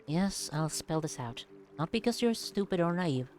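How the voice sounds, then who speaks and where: A woman voicing a wry, teasing ancient machine mind who turns reflective, in her own lower voice. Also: expressive, moderate pace, darkish tone, faint music behind, close to an everyday voice.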